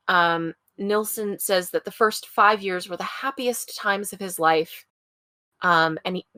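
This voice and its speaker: A woman's voice: on the low side, pushed and bright, no echo, clean studio sound. A woman co-hosting a true-crime podcast, telling the story casually with wry asides. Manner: chatty, wry asides with frequent laughs. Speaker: podcast co-host.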